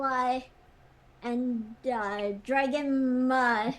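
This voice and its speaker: A woman playing a tabletop game, speaking slowly and hesitantly with many filler words. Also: on the high side, steady tone, pushed and bright. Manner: slow and hesitant, many uhs. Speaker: player.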